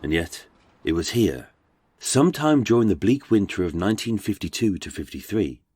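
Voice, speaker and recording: A man's voice: fairly low pitch, very animated, moderate pace, darkish tone, breathy edge. A man with a British accent, narrating a true-crime podcast in a dramatic, darkly wry storytelling manner. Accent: British English.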